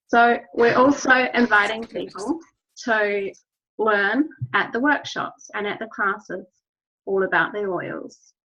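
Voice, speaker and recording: Husky woman teaching a class. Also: mid-range voice, pushed and bright. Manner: earnest, encouraging, repeats key phrases. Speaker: wellness business trainer. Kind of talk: instructional talk to a team. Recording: dull lo-fi recording.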